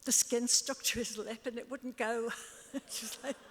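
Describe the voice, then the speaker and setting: A woman's voice: on the high side, fairly even intonation, unhurried. Chatty older Liverpool woman, reverberant hall. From Liverpool, England. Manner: chatty, laughs often, acts out quotes. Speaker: interview guest. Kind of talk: storytelling on stage. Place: club stage before an audience.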